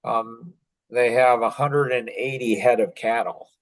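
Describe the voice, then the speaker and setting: A man in his sixties tells a story in a laid-back podcast conversation at an unhurried pace. He rambles and restarts often, and his voice sits at a middling pitch. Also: fairly even intonation, low-quality recording. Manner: rambling and halting, with many fillers and restarts.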